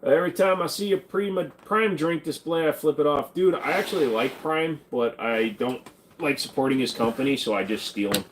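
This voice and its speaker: A man's voice: a little high, normal speed, slight background noise. A man hosting a livestream, answering viewer questions in casual chat with a crude, joking, offhand manner.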